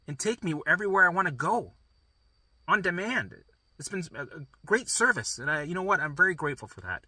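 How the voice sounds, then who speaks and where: A man's voice: mid-range voice, bright, forceful tone, breathy edge, no echo. A man coaching listeners through recovery in a blunt, profane, emphatic motivational monologue.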